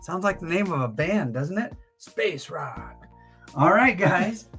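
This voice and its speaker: A man's voice: high voice, lively intonation, slow pace, fairly bright tone, soft background music, rough recording. Joking older man running a live auction. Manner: joking, chuckling, teasing asides. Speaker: host of a live coin auction stream. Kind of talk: casual live auction patter.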